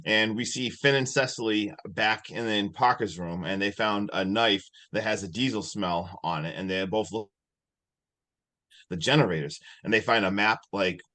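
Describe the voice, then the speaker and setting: Animated man recapping a movie. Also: fairly low pitch, moderate pace. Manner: animated storytelling, laughing often. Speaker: podcast co-host.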